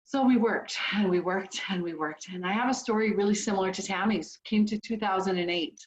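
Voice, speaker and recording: A woman's voice: medium pitch, fairly quick, slight background noise. A woman in her sixties from Canada with a Canadian accent, giving a heartfelt motivational talk as guest speaker on a video call. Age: 60s. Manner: earnest, heartfelt storytelling. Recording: echoey, dull video call audio.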